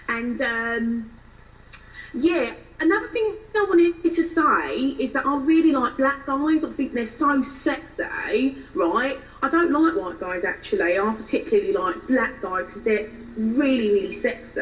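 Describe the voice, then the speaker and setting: A woman's voice: a little high, recorded from a distance, lo-fi sound. Woman doing a bubbly airheaded Essex girl. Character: shallow young Essex woman who loves shopping.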